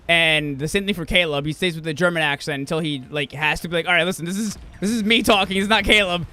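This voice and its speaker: A man's voice: a little high, pushed and bright, clear, resonant tone. A man streaming a game, chatting casually and profanely with friends, rambling and correcting himself as he goes. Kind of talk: casual gaming stream chat.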